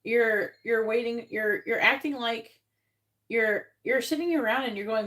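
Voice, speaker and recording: A woman's voice: on the high side, measured pace, fairly bright tone. A woman giving a live-stream tarot reading in a blunt, casual manner, swearing freely. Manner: blunt, casual, swears, acts out quoted voices. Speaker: tarot reader.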